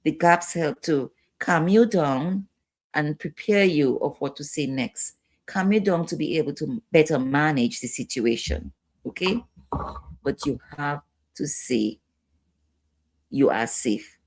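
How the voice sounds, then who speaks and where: Low-voiced woman teaching a class. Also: slow, a little mellow. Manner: instructive, repeats key points, checks in with "okay?". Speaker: instructor. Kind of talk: training lecture.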